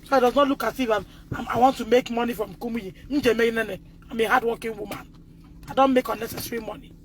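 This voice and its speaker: A Nigerian woman speaking on a phone livestream, distressed and loud, re-enacting conversations as a mother. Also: a little high, steady tone, fast, a little hiss or hum. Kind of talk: emotional livestream testimony.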